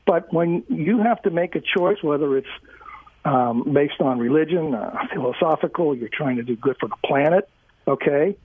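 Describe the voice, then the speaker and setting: A man's voice: a little high, moderate pace, husky, dry recording. A man in his sixties, a food company founder, talking earnestly as an interview guest with many fillers. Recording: dry tinny phone-like line.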